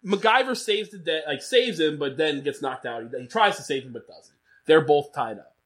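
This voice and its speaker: A man's voice: a little high, moderate pace. A young man casually recapping a TV episode with friends, swearing freely and acting out the characters' lines. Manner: animated storyteller, swears freely, acts out quotes.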